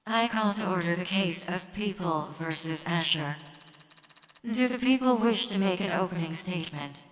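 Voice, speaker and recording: A woman voicing a formal female robot judge in a story game, with slow and stately pronouncements. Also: lowish voice, long reverb tail, low-quality recording. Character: female robot judge, cheerful then sulky.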